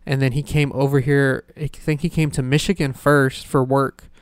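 A man's voice: mid-range voice, little pitch movement, normal speed, smooth, no room sound, clean studio sound. A young man hosting a podcast, telling stories in a rambling casual way full of filler words. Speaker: podcast host. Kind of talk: casual storytelling chat.

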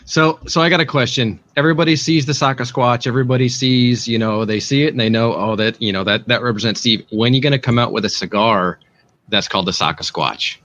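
A man co-hosting a live online show, asking a guest quick, joking questions. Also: medium pitch, fairly bright tone. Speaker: show co-host. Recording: dull lo-fi audio.

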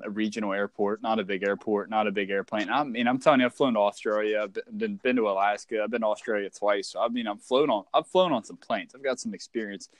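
A man's voice: lowish voice, fairly even intonation, quick pace, few pauses, no echo. A young man co-hosting a casual chat, swearing freely, repeating himself and laughing often.

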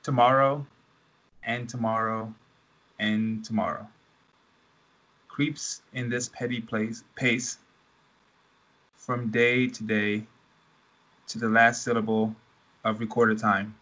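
A man co-hosting a casual chat, reading a speech aloud in a slow, measured way. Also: on the low side, level tone, fairly bright tone, low-quality recording.

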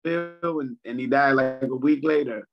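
A man's voice: mid-range voice, brisk, creaky. A male stand-up comedian in casual chat, reminiscing in a laid-back way. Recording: dull lo-fi sound.

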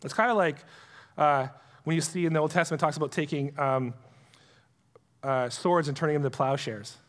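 A man with a notably high voice teaches scripture in a lively, conversational style. He keeps asking his listeners questions. His voice rings out with the long reverb of a large hall. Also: a little fast. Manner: animated, full of rhetorical questions. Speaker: Bible teacher.

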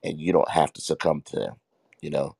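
A man who is a pastor, talking earnestly in a halting way on a faith podcast. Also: very deep voice, flat delivery, vocal fry, darkish tone, slightly rough, no echo. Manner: halting, many fillers and restarts, earnest. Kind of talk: casual faith talk.

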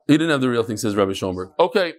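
A man teaching a Talmud class, asking and answering his own questions in an animated, rhetorical way. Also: mid-range voice, very fast.

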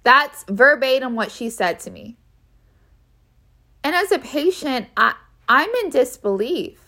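A high, animated woman's voice, pushed and bright, moves at a measured pace. She tells a personal story in a relaxed, candid way with fillers, hammering her points home by repeating key phrases.

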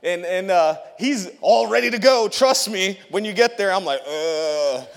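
Youth pastor, man, slightly high voice, chatty storytelling sermon with frequent laughs, recorded in a big echoing church. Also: moderate pace, gravelly. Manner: lively storytelling, laughs often, repeats words. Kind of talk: testimony sermon to a congregation. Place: church sanctuary. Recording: long hall reverb.

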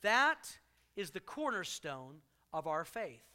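This preacher has a high, very bright voice that rings out over the congregation. His delivery is animated and jokey, and he leans hard into loud bursts when he drives a point home. It sounds like a church sermon, loose and conversational between the big moments. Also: takes it slowly, clean tone. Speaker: pastor.

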